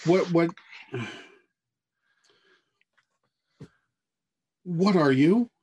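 A man's voice: a little high, measured pace, a little mellow, slightly rough. A man voicing a flummoxed middle-aged housewife mother with a shotgun, stammering and repeating herself. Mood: baffled.

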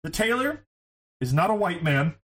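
A man's voice: high-pitched, normal speed. A man co-hosting a casual podcast, telling stories with lots of laughter and swearing. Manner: laughing, animated storytelling with profanity. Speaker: podcast co-host.

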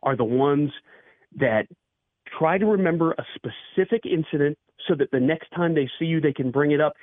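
A man who spent years in country radio, a podcast guest telling stories in a relaxed way with restarts. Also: a little high, normal speed, dry recording. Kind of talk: casual interview chat. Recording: tinny phone line.

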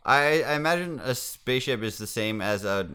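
A man co-hosting a casual book chat, easygoing and quick to agree, with dry remarks. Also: medium pitch, lively intonation, bright, forceful tone, clean tone. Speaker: podcast co-host.

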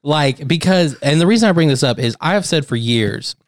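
A man's voice: on the high side, lively intonation, brisk, no room sound. Casting: man, podcast co-host, rambling and loose, dry close-mic sound. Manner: rambling, swears casually. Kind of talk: casual chat.

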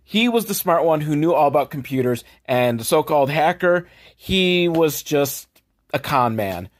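A man hosting a comedy podcast, sarcastically recapping a film with profanity and quick mock voices for the characters. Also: mid-range voice.

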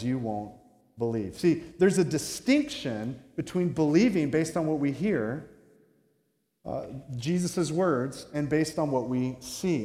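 A man preaching a sermon as a pastor, animated and joking, and acting out quoted voices. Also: fairly high pitch. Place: church sanctuary. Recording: echoey hall with long reverb.

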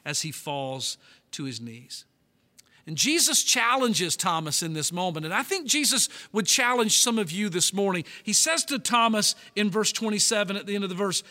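A male pastor preaching a sermon, emphatic, slowing down and stretching key words. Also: high-pitched, lively intonation, bright, forceful tone. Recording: long reverb of a large hall.

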